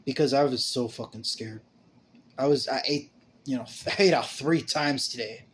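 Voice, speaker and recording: A young man talking to camera in a rambling, emotional monologue. He stammers, restarts and repeats words, swinging between mumbling and loud bursts. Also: medium pitch, moderate pace, a little hiss or hum.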